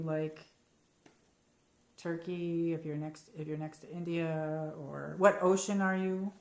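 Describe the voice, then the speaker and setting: In an echoey room at home, an American woman with a lowish voice runs a relaxed live-chat stream. She rambles and reads out comments from her viewers.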